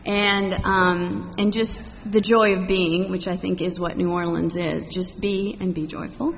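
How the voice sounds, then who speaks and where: A woman's voice: fairly low pitch, fairly even intonation, measured pace, creaky, slight background noise. A middle-aged woman from Texas, sharing her personal faith story with a congregation, rambling with many fillers and asides. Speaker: congregation member. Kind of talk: personal testimony talk. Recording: muffled echoey hall recording.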